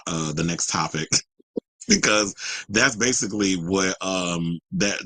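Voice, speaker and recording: A man hosts a casual commentary show and reads out viewer comments with sass and strong opinions. His voice sits low, has a bright, forceful edge and some husky grain. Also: no echo, poor audio. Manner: animated, sassy, outspoken. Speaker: host.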